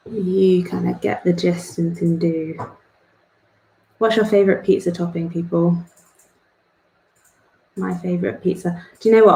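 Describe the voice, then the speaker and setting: A young woman chats her way through a drawing tutorial, rambling and self-deprecating as she works. Her voice sits low and has a gravelly, creaky edge. The room around her sounds echoey. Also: a little mellow. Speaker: art club host.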